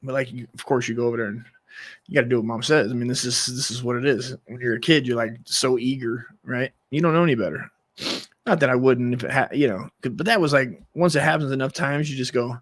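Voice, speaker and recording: A man's voice: mid-range voice, fairly quick, slightly rough. A man telling a rambling, profane personal story in casual monologue, with frequent restarts and laughs.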